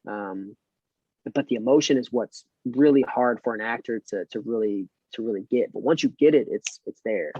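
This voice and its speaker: A relaxed male actor talks as a podcast guest, rambling and filling gaps with "you know" and "kind of." His voice sits mid-pitch and sounds dry and a bit dull, like a lo-fi mic. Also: moderate pace, breathy edge, dry recording. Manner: relaxed and rambling, with many fillers. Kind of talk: casual interview chat.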